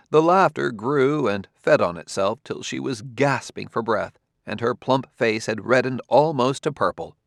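A man narrating an audiobook in a measured, expressive reading. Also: medium pitch, vocal fry, no room sound, studio quality.

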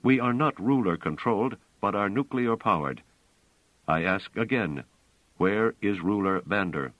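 A man voicing a relentless male guardian robot in a dry, lo-fi audiobook recording, speaking in flat, commanding orders. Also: fairly low pitch, unhurried, no echo. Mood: demanding.

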